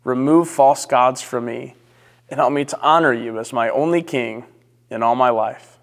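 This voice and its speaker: A male pastor slowly reading scripture and leading prayer in a measured, solemn way. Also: medium pitch, in a large hall. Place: church sanctuary.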